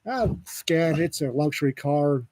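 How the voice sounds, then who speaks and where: A man's voice: fairly high pitch, lively intonation, a little slow, a little mellow, a little hiss or hum. A man co-hosting a podcast, telling a story in a dry, wisecracking way during a casual chat. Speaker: podcast co-host.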